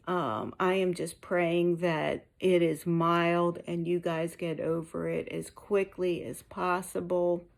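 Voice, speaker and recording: Woman vlogger, low-pitched and slow-spoken, tired and a little short of breath, chatting frankly to viewers. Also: vocal fry. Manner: slow, candid, with frequent ums. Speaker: vlogger sharing a health update. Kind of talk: casual personal update to viewers.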